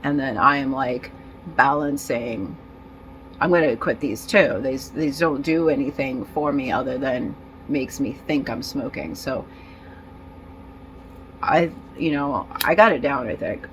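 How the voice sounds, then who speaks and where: A woman talking in a casual personal vlog, rambling and halting with many fillers and restarts, in nicotine withdrawal and feeling disoriented. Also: rumbling low, slight background noise, rough recording. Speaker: vlogger.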